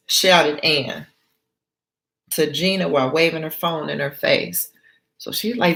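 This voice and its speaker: Slow, chatty woman telling a story. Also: low-pitched, gravelly. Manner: animated, chatty asides to viewers. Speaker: storyteller and motivational speaker. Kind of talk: motivational storytelling.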